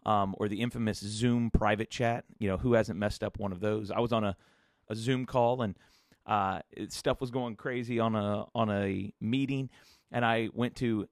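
Guy in his 30s doing a chill solo podcast, lowish voice, dry close sound. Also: steady tone, moderate pace, no echo. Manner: casual storytelling with fillers and restarts, sometimes whispering quotes. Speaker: podcast host.

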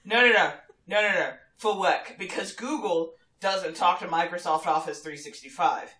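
A woman co-hosting a podcast, a teacher talking in casual, emphatic bursts and swearing freely. Her voice is bright and clear, and the room adds a noticeable echo. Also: on the low side, normal speed. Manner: emphatic, opinionated, swears, repeats words. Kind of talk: casual chat. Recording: roomy echo.

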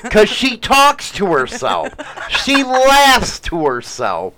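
A man's voice: sits high, wildly swooping pitch, takes it slowly, a crowd in the background. A man hosting a casual podcast, teasing his co-host and swearing often. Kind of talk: casual chat.

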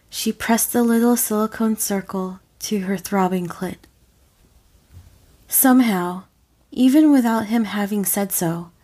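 A woman reading an audio story as a narrator, slow and deliberate. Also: mid-range voice, darkish tone. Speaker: audiofic reader.

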